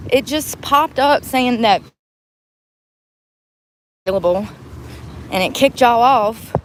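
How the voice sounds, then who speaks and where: A woman's voice: fairly high pitch, slow, pauses often, a little hiss or hum, poor audio. Blunt rambling woman vlogging from her car. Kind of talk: casual rambling vlog. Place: parked car. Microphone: phone mic.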